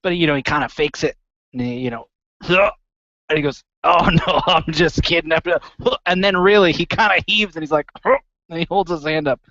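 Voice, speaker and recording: A man's voice: on the high side, normal speed, a bit bright, no room sound, highs cut off. A man narrating his character's actions in a tabletop game, rambling with many fillers and restarts. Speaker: player.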